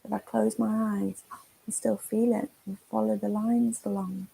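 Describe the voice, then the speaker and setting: A woman leading a forest school session reads a picture book to toddlers at home in a gentle, sing-song way and asks the children questions. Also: medium pitch, level tone, moderate pace, gravelly, breathy edge, rough recording.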